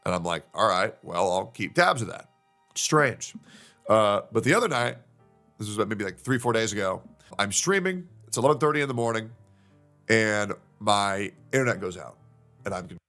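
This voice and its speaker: A man telling a personal story to his stream in a casual, unhurried way, with many fillers. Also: lowish voice, animated, fairly bright tone, faint music behind. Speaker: streamer in a played clip.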